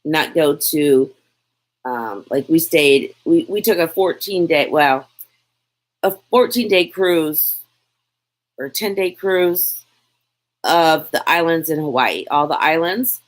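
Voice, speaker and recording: A chatty woman, hosting a casual live Q&A from her phone. Her voice sits fairly low, and she talks at an unhurried, slow pace. She reads comments aloud and laughs easily between answers. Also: animated. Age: 40s. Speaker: lifestyle vlogger, live Q&A host. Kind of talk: casual live-stream chat answering viewer questions.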